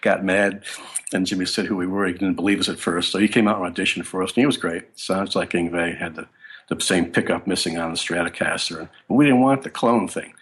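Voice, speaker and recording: A man, a guest bassist, telling stories in a casual interview in a rambling, anecdotal way, often breaking off and restarting. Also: steady tone, brisk, fairly bright tone.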